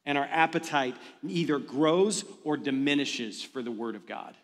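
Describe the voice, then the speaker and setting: A middle-aged man, a pastor, preaching a sermon in a conversational, animated storytelling manner to his congregation in a church. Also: medium pitch, moderate pace. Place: church sanctuary. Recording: long reverb of a large hall.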